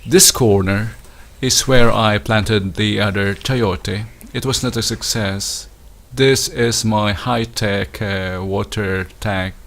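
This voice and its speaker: A man from the Philippines giving a casual walking tour of his winter garden outdoors, unhurried and hesitant, with many fillers and restarts. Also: on the low side, steady tone, a bit bright.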